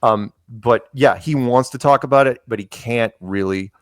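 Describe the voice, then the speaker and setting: A man's voice: medium pitch, moderate pace, dry recording. A man who is a podcast guest, telling rambling anecdotes in casual conversation and acting out quotes along the way.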